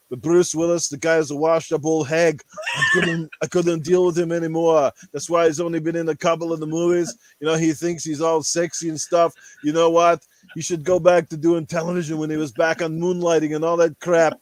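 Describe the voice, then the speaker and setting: A man with a rough throat putting on a crude, boastful action-star impression, ranting vulgarly. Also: a little high, no room sound, natural voice. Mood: mocking. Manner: vulgar, boastful, rambling rants.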